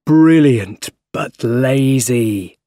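A man doing a slow, grave scientist. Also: mid-range voice, mellow, no echo, clean studio sound. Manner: very slow, heavy, deliberate delivery. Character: troubled middle-aged male scientist, grave and torn. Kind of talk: storybook character voice.

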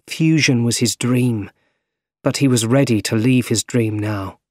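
A man narrating a storybook in a plain, even reading voice. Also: medium pitch, measured pace, dry recording, studio quality.

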